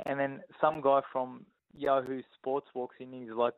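Aussie guy in his 30s telling boxing stories, flat-ish voice, thin phone sound, dry. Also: medium pitch, normal speed, hardly any pauses, dry recording, phone-quality sound. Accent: Australian. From Australia. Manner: animated storyteller, frequent "you know what I mean". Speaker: guest boxer. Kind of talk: casual interview storytelling.

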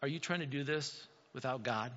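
A man's voice: mid-range voice, a little fast, sharp tone. A man preaching a sermon as pastor, emphatic, repeating key lines for stress. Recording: dull sound in a long-reverb hall.

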